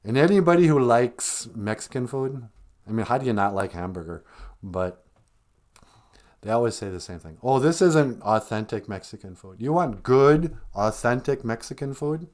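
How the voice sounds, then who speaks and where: A man from northern Minnesota hosts a live stream, chatting casually in a rambling, joking way and often laughing. His medium-pitched voice has a sing-song lilt and a moderate pace.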